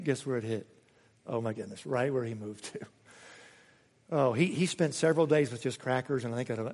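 Earnest high-voiced man preaching, echoing hall. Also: a little mellow. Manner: earnest, rising to emphatic repetition. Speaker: pastor. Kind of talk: sermon.

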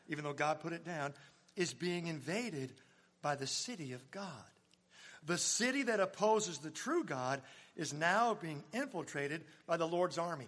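An older man preaching with a high voice, his delivery swinging from loud, emphatic cries to hushed, almost whispered lines. He drops in chuckling jokes for the congregation, and a long hall reverb trails after his words. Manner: jokey asides with chuckles to the congregation. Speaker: pastor. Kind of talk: sermon.

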